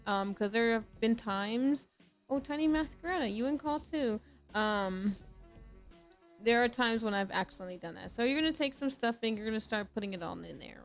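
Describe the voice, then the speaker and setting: A woman's voice: fairly high pitch, animated, moderate pace, faint music behind. A woman hosting a live crochet tutorial, giving casual step-by-step instructions and greeting viewers as she goes. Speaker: livestream crochet host.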